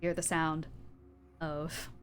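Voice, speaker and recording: A woman's voice: low voice, level tone, slow pace, slight background noise. A woman narrating as game master in a casual, giggly way.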